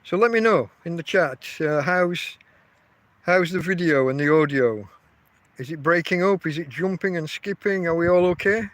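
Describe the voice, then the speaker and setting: A man's voice: fairly high pitch, animated, normal speed, fairly bright tone, dry recording. A man, chatting casually and rambling on a livestream from outdoors. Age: 50s. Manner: rambling, chatty, often restarts his sentences. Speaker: livestream host.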